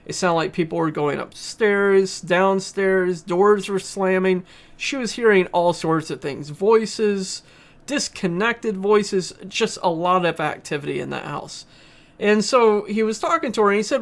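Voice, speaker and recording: A man's voice: sits high, measured pace, vocal fry, fairly bright tone. A man reviewing a podcast, earnestly retelling a story in a casual way with frequent filler sounds. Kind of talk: casual spoken retelling and commentary.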